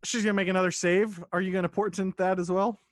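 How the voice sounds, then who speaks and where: A man's voice: high voice, flat delivery, quick pace, dry recording. A man runs a tabletop game as its dungeon master. He narrates loosely, restarting sentences and swearing now and then. The recording is close and dry.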